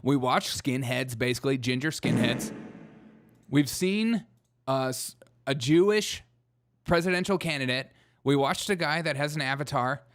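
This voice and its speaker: A man's voice: mid-range voice, moderate pace. Wry joking male live-stream host. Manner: wry, joking, laughs often. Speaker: streamer host reacting to clips. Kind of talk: casual live-stream commentary.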